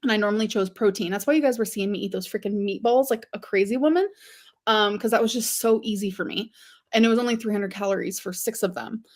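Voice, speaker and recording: A woman's voice: medium pitch, fast talker. A woman chatting casually to viewers on a livestream, rambling with lots of fillers and giggles.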